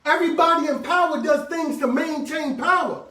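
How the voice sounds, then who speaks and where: A man with a high voice preaches a sermon in call-and-response style, breaking into shouted bursts and then dropping into casual slangy asides. He sounds distant from the mic, in an echoey worship room with faint background noise. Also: moderate pace.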